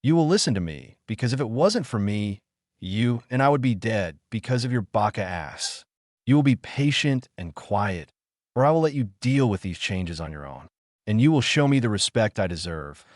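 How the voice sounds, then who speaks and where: A man's voice: on the low side, dry recording, clean studio sound. A man reading as a stern female demon fox. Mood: threatening. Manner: menacing, commanding. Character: proud angry female demon fox spirit.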